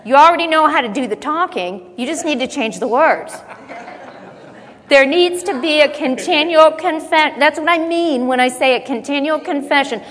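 A woman's voice: normal speed, a bit bright. Woman preacher with hall reverb. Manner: repeats phrases for emphasis, acts out muttering in a low voice. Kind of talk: sermon.

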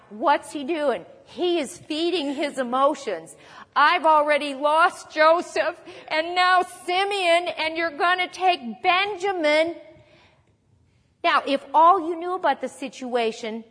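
A woman with a somewhat high voice preaches a sermon, talking to her listeners in a conversational but emphatic way. She slows down when she reads scripture aloud. Her voice carries a long reverb, as if she is in a large hall.

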